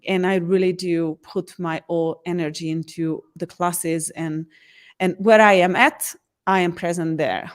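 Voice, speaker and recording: A woman's voice: on the low side, measured pace. A woman, an empowerment coach answering interview questions in an earnest way, often restarting her sentences. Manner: earnest, frequent restarts, lively acted quotes.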